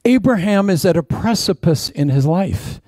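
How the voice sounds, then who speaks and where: A man preaching a sermon as a pastor, swinging from loud emphatic lines to hushed, almost whispered prayer. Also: high voice, animated, normal speed, no room sound.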